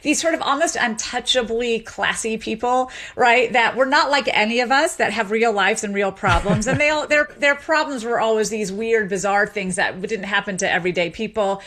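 A woman, a sociolinguist, explaining speech and accents as a guest in a radio interview. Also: a little high. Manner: lively explaining, quick asides.

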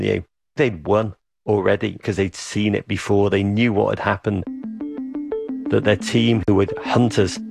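A man's voice: on the low side, creaky, a little mellow, breathy edge, no room sound, studio quality. A man recalling a match in vivid, emphatic terms.

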